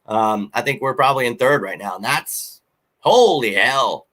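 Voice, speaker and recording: A man hosting a sports talk show, giving a blunt, animated fan rant in casual chat with plenty of fillers. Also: mid-range voice, fairly quick. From Philadelphia. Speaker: sports podcast host.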